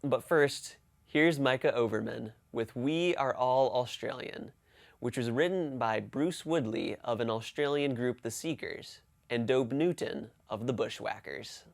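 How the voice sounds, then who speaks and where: A man hosting a faith program, reading a scripted narration in a measured, earnest way. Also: medium pitch, creaky. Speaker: program host.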